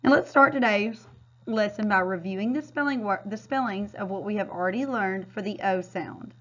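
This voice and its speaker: A woman teacher leads a recorded phonics lesson at a mid pitch, sounding out words slowly and clearly so children can repeat them. The sound is slightly dull and lo-fi. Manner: clear, patient, drawn-out word modeling.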